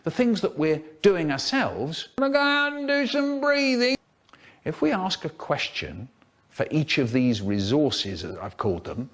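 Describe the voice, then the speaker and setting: A man telling stories to an audience of children. His pitch sits in a middle register but leaps and dips all over the place, and he is theatrical and expressive, leaning hard into every phrase. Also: breathy edge. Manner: animated, expressive storyteller with big swoops in pitch. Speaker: children's poet and teacher. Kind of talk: storytelling talk, chopped into a comedy remix.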